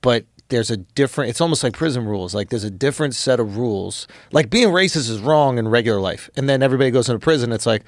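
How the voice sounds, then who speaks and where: A man's voice: medium pitch, animated, quick pace, hardly any pauses, no room sound. Eager male podcast guest thinking aloud. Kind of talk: casual conversation.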